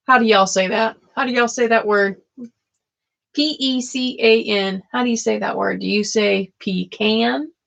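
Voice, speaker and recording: A woman's voice: a little high, vocal fry, a bit bright. A woman, hosting a live tarot stream and chatting casually with viewers, laughing often. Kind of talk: casual live-stream chat with card readings. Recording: dull lo-fi stream audio.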